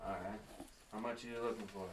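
A man's voice: lowish voice, fairly even intonation, quick pace. Grumbly man playing a tabletop role. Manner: casual and grumbly, swears often. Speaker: player. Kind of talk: tabletop role-play in character. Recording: echoey room, faint noise.

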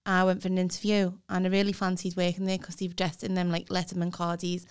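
A woman's voice: lowish voice, completely flat delivery, fast talker, clean tone. A woman, co-hosting a podcast, telling chatty self-mocking anecdotes with some swearing. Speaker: podcast co-host. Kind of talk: casual comedic storytelling.

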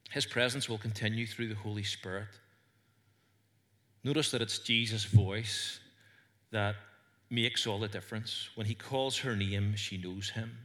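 Bright-voiced Northern Irish preacher man. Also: on the low side, fairly even intonation, measured pace, long pauses. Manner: earnest, storytelling preaching with small stumbles. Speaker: pastor. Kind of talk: sermon. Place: church service.

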